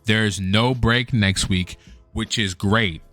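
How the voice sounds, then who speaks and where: Deep-voiced excited man reacting casually. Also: slow, soft background music. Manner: excited, chatty fan talk. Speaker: manga reaction host. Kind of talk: casual live reaction commentary.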